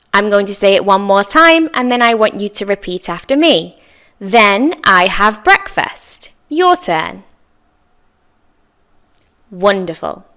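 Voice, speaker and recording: A woman teaching an English lesson, saying example sentences slowly and clearly for learners to repeat, with encouraging praise. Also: mid-range voice, a bit bright. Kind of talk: slow, clear language lesson with repeat-after-me drills.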